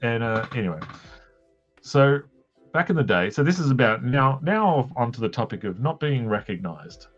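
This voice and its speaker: A man's voice: mid-range voice, sing-song, moderate pace, highs cut off, soft background music. A man with an Australian accent, telling a rambling, jokey story with crude asides while drawing on a stream. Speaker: comic artist streaming.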